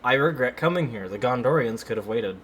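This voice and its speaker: A man's voice: mid-range voice, animated, a little fast, a bit bright, a little hiss or hum. A man casually commenting while he plays a video game on a stream, wry and sardonic, swearing freely.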